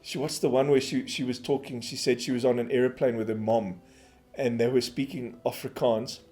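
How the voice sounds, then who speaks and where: A man with a South African accent, co-hosting a podcast chat, animated and laughing, swearing freely as he tells stories. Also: medium pitch, moderate pace, faint music behind. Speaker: podcast co-host. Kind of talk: casual chat.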